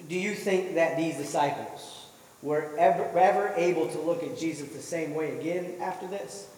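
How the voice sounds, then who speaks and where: A man's voice: fairly high pitch, normal speed, darkish tone. A man preaching a sermon, retelling a story vividly and asking the listeners rhetorical questions. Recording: echoey hall, voice from far off.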